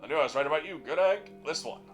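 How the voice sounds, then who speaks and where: A man voicing a gruff, wounded older man who calls everyone son, with a folksy pirate-like growl. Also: on the high side, rapid-fire, fairly bright tone, faint music behind, lightly acted. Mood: hearty. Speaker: streamer voicing game dialogue.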